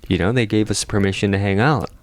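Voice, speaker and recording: A young man with a very low, deep voice tells a long story on a podcast. He rambles, stacks up fillers and swears freely. The sound is close and dry, with no room echo. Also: fast. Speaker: podcast co-host. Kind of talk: casual storytelling.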